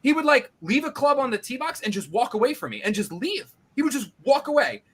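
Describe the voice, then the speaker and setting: A male podcast host telling a casual, animated story, swearing freely and acting out his own reactions. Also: very high-pitched, a little fast, husky.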